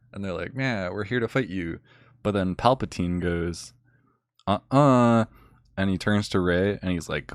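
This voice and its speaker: A young man rants about a film in a loose, rambling way, with a sarcastic edge and constant fillers. His voice is very low. The sound is close and dry, with no room echo. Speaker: vlogger. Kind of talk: casual rant recapping a film.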